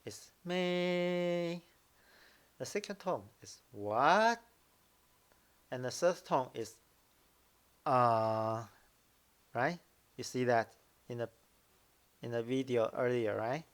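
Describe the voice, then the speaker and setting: A man with a Mandarin Chinese accent teaching a live online lesson, halting, restarting phrases and demonstrating tones out loud. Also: mid-range voice. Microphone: computer mic, video call.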